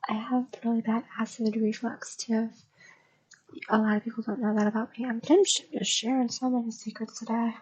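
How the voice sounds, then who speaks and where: A young woman streamer rambling casually in an ASMR style, soft and drifting into whispers, with a slight stutter. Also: fairly high pitch, level tone, normal speed, breathy edge, lo-fi sound.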